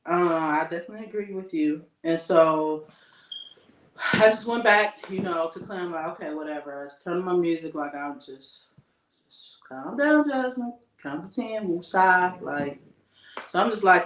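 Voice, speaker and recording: A woman co-hosting a casual podcast, telling a story with emphatic, animated delivery. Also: low-pitched, far from the mic, slight background noise. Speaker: podcast co-host. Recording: echoey room, voice off-mic.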